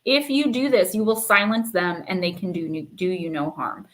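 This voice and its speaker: A woman's voice: lowish voice, lively intonation, moderate pace. A woman hosting a live-stream oracle card reading, speaking casually with frequent fillers and reading card meanings aloud. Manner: chatty, reads card text aloud, many fillers.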